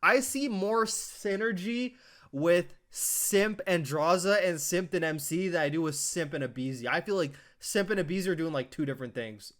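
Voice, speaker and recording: A man's voice: on the high side, moderate pace, few pauses. A man giving heated, profane commentary on a match as an esports analyst, talking at home. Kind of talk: ranting commentary.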